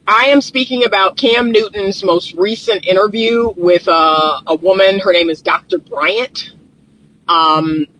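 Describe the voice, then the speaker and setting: A man's voice: high voice, bright, forceful tone, poor audio. Man with a groggy morning voice. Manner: emphatic, repeats points, talks to viewers directly. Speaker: relationship therapist. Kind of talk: casual vlog commentary. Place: outdoors in the sun. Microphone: phone held or propped nearby.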